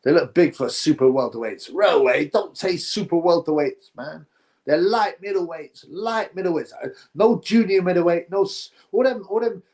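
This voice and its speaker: A man's voice: fairly high pitch, expressive, moderate pace, a little mellow. A man hosting a casual live boxing stream, reading viewer comments aloud and giving blunt, opinionated, rambling takes.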